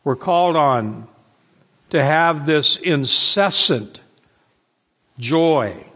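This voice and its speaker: A male preacher delivers a sermon with slow, deliberate emphasis, dwelling on key words. His voice sits a little high for a man. The sound carries the long reverb of a large church hall. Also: expressive, a bit bright.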